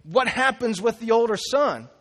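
Male pastor, high voice, animated storyteller, acts out the characters; recorded in a church hall with long reverb. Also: normal speed. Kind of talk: sermon.

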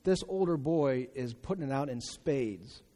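A man preaching a sermon in an animated, exclaiming way, acting out the voices in his story, in a church hall. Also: mid-range voice, a little slow. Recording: long reverb of a large hall.

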